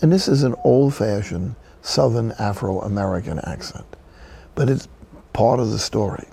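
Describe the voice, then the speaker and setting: A male priest delivers a broadcast sermon in a gravelly, husky voice. His tone is dark and mellow, and he moves slowly and deliberately through his stories. At key moments he drops to a near-whisper for emphasis. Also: mid-range voice. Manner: slow, deliberate, with hushed emphasis.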